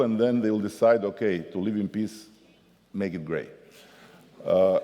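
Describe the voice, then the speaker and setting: Albanian man telling stories in a hall. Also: fairly low pitch. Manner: animated storyteller, acts out the people he quotes. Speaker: politician, interview guest. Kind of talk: anecdotal storytelling at a forum. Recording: long reverb of a conference hall.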